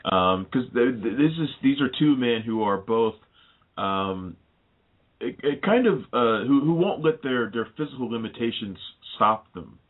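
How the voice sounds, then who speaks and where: Halting man on a tinny line. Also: medium pitch, expressive. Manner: halting, repeats words when starting. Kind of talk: casual film review chat.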